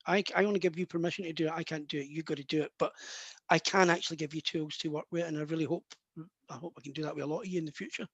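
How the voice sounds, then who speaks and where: Middle-aged male medium, high voice, dry mic, rambles and restarts while chatting. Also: fairly even intonation, very fast, fairly bright tone, husky, no room sound. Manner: rambling, self-interrupting, laughs often. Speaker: spiritual medium guest. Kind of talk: casual live Q&A chat.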